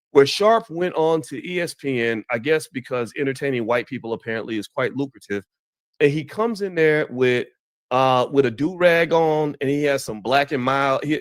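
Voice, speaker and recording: A man's voice: medium pitch, dry recording, clean studio sound. A man giving impassioned, preachy opinion commentary while talking straight to his viewers.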